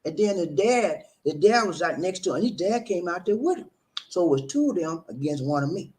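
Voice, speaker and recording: A man hosts a live stream and tells his viewers a story in a relaxed, chatty way. His pitch swings widely as he gets into it. He stumbles over and repeats words, then acts out what each person said. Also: brisk. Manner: animated, repeats words, acts out quoted dialogue. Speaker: live-stream host reading viewer comments.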